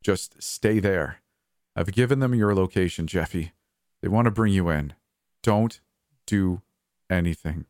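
A man voicing a shaken older brother who speaks haltingly and sternly over the phone. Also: sits low, darkish tone, no room sound, studio quality.

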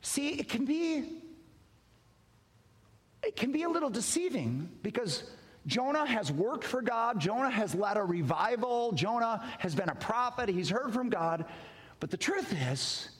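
A man preaching a sermon as a story, animated and acting out the dialogue. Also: measured pace, in a large hall. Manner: animated, wide swings in pitch and loudness, acts out dialogue. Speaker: pastor.

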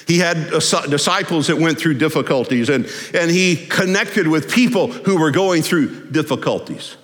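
A man's voice: on the high side, fairly bright tone. A man preaching a sermon in a conversational, humorous storytelling way. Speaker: pastor. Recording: echoey hall.

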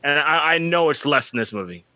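A man's voice: a little high, expressive, a little fast, sharp tone, no echo. A middle-aged man co-hosting a casual movie commentary, wry and fond of sharing trivia. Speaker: co-host.

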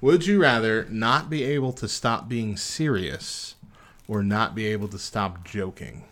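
A man's voice: on the low side, measured pace, fairly bright tone. A man co-hosting a podcast in casual chat, laughing often as he reads out questions. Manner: giggly, laughs often while reading out questions. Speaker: podcast co-host.

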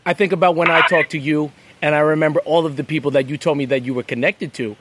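Bright-voiced male interviewer. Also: a little high, fairly even intonation, fast talker, rough recording. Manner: attentive, backchannels with "mm". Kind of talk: interview questions.

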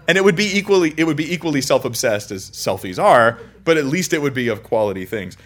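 A man's voice: a little high, sing-song, fast talker, hardly any pauses. Chatty young man teaching Scripture. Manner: chatty, anecdotal, self-interrupting. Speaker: preacher. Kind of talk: casual Bible teaching.

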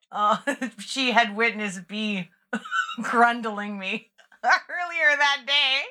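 A woman's voice: a little high, extremely slow, bright, forceful tone. A woman co-hosting a podcast, giggly and playful in casual chat. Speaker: podcast co-host.

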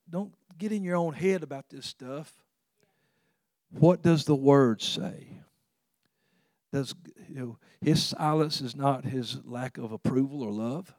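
This man preaches a sermon in a folksy, conversational style, chuckling now and then, getting loud to stress points and going soft on tender ones. His voice sits a little high, and the recording is dry.

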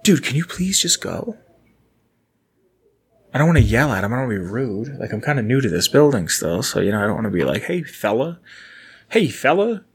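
Speaking briskly in a husky, lowish voice with lively intonation, a man hosts a casual solo podcast indoors in a building he recently moved into. He rambles, chats, corrects himself, and laughs easily, recorded on a camera and microphone setup.

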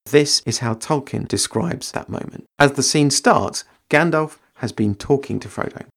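A man hosting a podcast on creative writing, explaining in a measured, thoughtful way and reading passages aloud. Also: medium pitch, animated, vocal fry, fairly bright tone.

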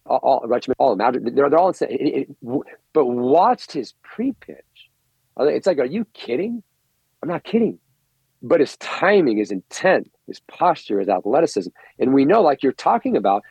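A middle-aged man, a coaching guest on a podcast, telling stories in an excitable, rambling way and often repeating words. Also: mid-range voice, breathy edge, no echo. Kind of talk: animated storytelling interview. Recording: dull, lo-fi, dry recording.

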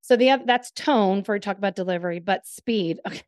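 A woman co-hosting a conversational podcast, with a mid-height voice and a dry, close sound. She talks quickly and with emphasis, often breaking into a laugh. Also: medium pitch, darkish tone, no room sound. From northern US. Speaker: podcast co-host. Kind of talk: casual chat.

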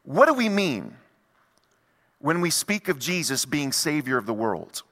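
Emphatic preacher in a reverberant hall. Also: male voice, a little high, very animated, measured pace, fairly bright tone. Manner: emphatic, repetitive preaching with rising intensity. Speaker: pastor. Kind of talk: sermon. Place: church sanctuary. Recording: long reverb of a large hall.

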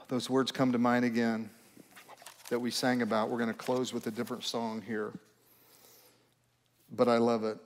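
Earnest pastor in a reverberant church. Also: male voice, medium pitch, little pitch movement, a little slow, long pauses. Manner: earnest, repeats phrases, swells into fervent appeals. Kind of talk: sermon with altar call. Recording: long reverb with faint music.

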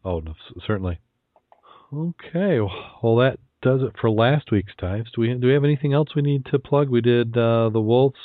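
A man hosting a podcast, chatty and quick to laugh, repeating words as he goes, between casual chat and telling jokes. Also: mid-range voice, no room sound. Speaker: podcast host. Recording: tinny phone-like line.

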